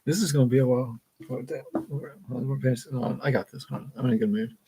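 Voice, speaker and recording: A man's voice: medium pitch, steady tone, fast talker, vocal fry, mellow, a little hiss or hum, rough recording. A man casually reading a book aloud, chatting, laughing and stumbling over words as he goes.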